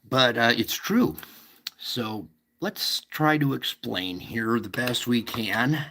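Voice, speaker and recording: A man's voice: medium pitch, expressive, slow, pushed and bright. A man hosting a casual livestream, explaining at length with restarts and frequent checks with his listeners. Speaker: livestream host.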